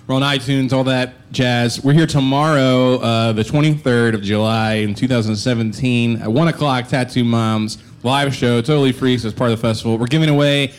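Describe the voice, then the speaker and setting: A man with a Philadelphia accent, a podcast guest in casual chat, animated and laughing often. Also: mid-range voice, normal speed, few pauses.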